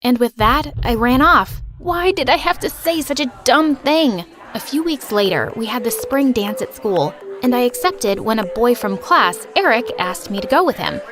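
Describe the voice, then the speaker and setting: First-person storyteller, a woman, lively and high-voiced, light music bed. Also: moderate pace. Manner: lively, expressive and breathless. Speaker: narrator.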